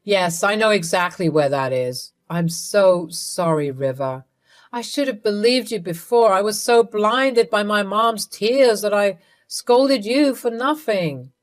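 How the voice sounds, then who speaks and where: A woman's voice: mid-range voice, animated, measured pace, natural voice. A woman voicing a husband torn between his wife and his mother. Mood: apologetic. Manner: anxious and shocked, then apologetic.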